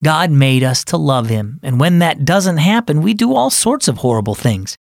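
A man voicing a big, gentle uncle in a children's audio story, speaking earnestly and consolingly to his grieving nephew. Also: fairly high pitch, sing-song, moderate pace, gravelly, no echo, studio quality. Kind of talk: scripted children's radio drama.

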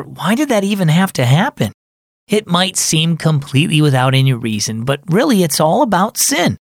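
A man's voice: on the high side, gravelly, no echo. A man hosting a children's devotional program, narrating a scripted story in a friendly, earnest way. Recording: dry studio voice with faint music.

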